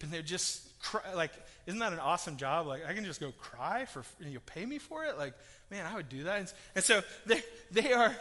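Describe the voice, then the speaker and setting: Animated preacher in a big echoing hall. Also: male voice, high voice. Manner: animated, conversational, acts out voices. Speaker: pastor. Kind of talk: sermon. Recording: long reverb of a large hall.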